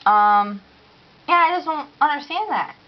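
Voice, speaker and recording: Animated young woman vlogging at home. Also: sits high, measured pace, dull audio. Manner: animated, full of "like" and "dude", acts out her panic. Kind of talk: casual vlog storytelling.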